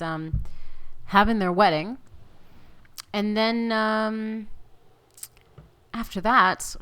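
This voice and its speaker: A woman's voice: lowish voice, a bit bright. A young woman casually commenting on her own gameplay, chatting to her sims, reading the game text aloud and laughing often. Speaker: let's play host.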